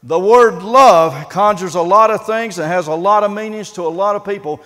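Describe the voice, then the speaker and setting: A pastor preaching a sermon in an earnest, halting way, often pausing on "uh" and restarting his sentences. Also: high voice, fairly bright tone, in a large hall.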